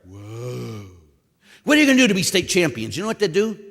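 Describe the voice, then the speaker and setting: A man delivers a sermon with a bright, fairly high voice that rises and falls a lot. He acts out the voices of others and shouts now and then. His words ring with a long reverb of a large hall. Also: very fast. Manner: animated, acts out quotes, shouts at times. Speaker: priest and former coach.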